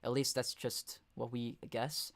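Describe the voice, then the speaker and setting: Young male streamer, casual off-the-cuff commentary, rambling and self-correcting, average pitch. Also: little pitch movement, unhurried, creaky.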